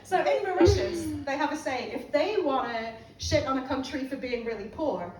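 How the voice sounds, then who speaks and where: A woman's voice: high-pitched, moderate pace, slight background noise. A British woman from England, a stand-up comedian telling stories on stage and laughing at her own jokes. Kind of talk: comedic storytelling. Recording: roomy live club from far off.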